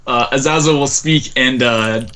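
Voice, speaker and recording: A man's voice: mid-range voice, measured pace, pushed and bright, clear, resonant tone. A man playing a tabletop game, eagerly describing what his character does. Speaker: player.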